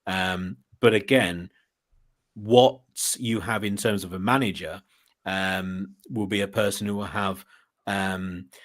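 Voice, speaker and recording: Man, podcast guest, low-ish voice, chatty, rambling, casual. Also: fairly even intonation, slow. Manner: chatty, rambling, laughs at his own asides.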